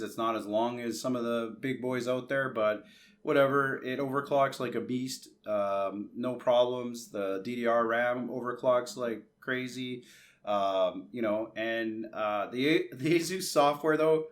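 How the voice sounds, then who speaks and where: A man's voice: mid-range voice, unhurried, a bit bright. Chatty man telling a rambling story. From Canada. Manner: chatty, re-enacts conversations in quoted asides, frequent restarts. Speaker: tech vlogger.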